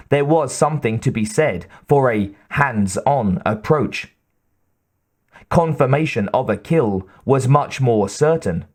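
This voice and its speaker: A man reading an audiobook in a measured, even narration. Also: mid-range voice.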